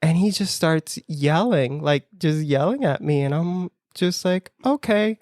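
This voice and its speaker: A man's voice: fairly high pitch, unhurried, dry recording, studio quality. A man co-hosting a casual podcast, telling a dating story with lots of "like" and acting out his own reactions in quoted voices. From United States, near New York. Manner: animated, acts out his own lines in quotes; frequent "like" fillers, laughs through story. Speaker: podcast co-host.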